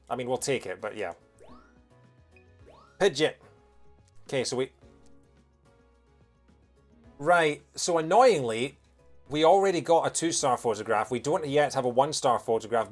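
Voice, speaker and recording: This medium-pitched man commentates on gameplay as a let's play host in a relaxed, excitable, chatty manner. He hums tunes now and then and makes jokey side remarks.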